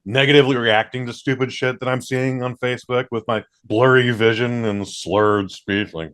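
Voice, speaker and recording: A man's voice: mid-range voice, steady tone, moderate pace, a bit bright, smooth. A man hosting a podcast, chatting casually and ranting with plenty of swearing. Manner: ranting, profane. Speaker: podcast host. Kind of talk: casual chat.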